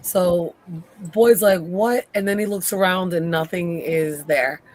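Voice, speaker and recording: A podcast co-host in a casual show recap, retelling scenes with lively acted-out quotes. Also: medium pitch, a little slow. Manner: animated retelling, acts out quotes.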